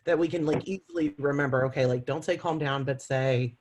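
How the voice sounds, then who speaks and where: A woman's voice: rumbling low, steady tone, brisk, a little mellow, slight background noise. A woman nurse educator asking questions in a panel discussion, conversational and laughing along.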